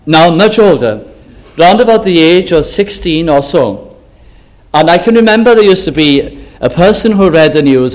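An older British man preaches a sermon with a slightly high voice. He tells stories in slow, emphatic phrases and drops in self-deprecating asides.

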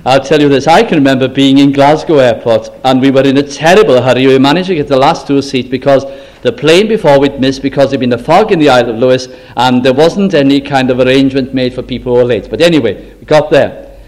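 An older man from Britain preaching a sermon, telling stories with slow, emphatic phrases and self-deprecating asides. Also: medium pitch, darkish tone.

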